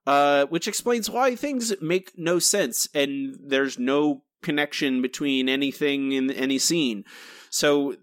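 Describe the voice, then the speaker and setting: Here a man co-hosts a podcast with casual review talk that comes out exasperated and rambling, full of restarts. His mid-range voice keeps a measured pace, and the studio sound is clean without echo.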